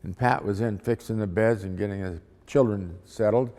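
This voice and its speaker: A man's voice: on the low side, moderate pace, darkish tone. A man, a missionary, telling a testimony story in a folksy, dramatic way. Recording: long hall reverb.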